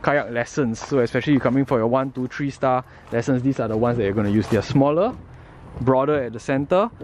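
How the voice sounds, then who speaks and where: A man walks viewers through the gear at an outdoor water sports centre. He talks at a middling pitch and fixes his own words as he goes. His explanations come casually, step by step. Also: brisk, darkish tone, a little hiss or hum. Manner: explains step by step, with fillers and self-corrections. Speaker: vlogger. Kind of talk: casual explaining vlog narration.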